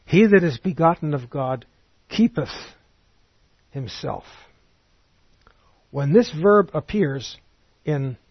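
A man giving an expository Bible teaching in a measured, explanatory way, reading scripture aloud as he goes. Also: fairly high pitch, expressive, husky, dry recording, muffled recording.

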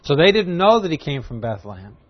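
A man's voice: on the high side, big pitch swings, a little fast, dull audio. A man preaching an expository sermon, teaching conversationally and raising his voice for emphasis. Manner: conversational Bible teaching, rising loud for emphasis. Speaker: pastor.

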